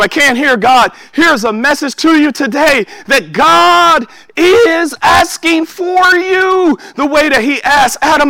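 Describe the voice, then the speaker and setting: A man preaching a sermon, animated, swinging from loud exhortation to hushed asides. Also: very high-pitched, no echo.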